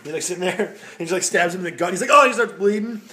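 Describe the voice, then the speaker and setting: This podcast co-host from the American Midwest has a high, slightly bright voice and talks rapid-fire. Chatting casually, he wanders through long stories, cursing and breaking into laughter mid-tale.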